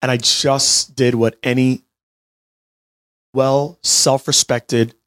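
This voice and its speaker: A man in his late twenties telling a personal story in an animated, chatty way, talking straight to his listeners. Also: mid-range voice, slow. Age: 20s. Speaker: healthcare business owner. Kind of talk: storytelling monologue to an audience.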